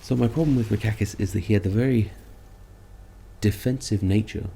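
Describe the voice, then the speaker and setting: A man's voice: fairly low pitch, fairly quick, gravelly, dark tone, breathy edge. A man who makes online videos, ranting about other creators in a sarcastic, rambling, self-mocking way. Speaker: content creator. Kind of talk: ranting commentary vlog.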